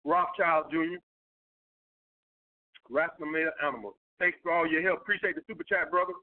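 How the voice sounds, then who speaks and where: A man's voice: on the high side, steady tone, brisk. Guy hosting a stream, swears a lot, talks blunt and pushy, sounds like a phone line. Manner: blunt, profane, emphatic. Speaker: host answering viewer questions. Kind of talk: casual livestream advice talk.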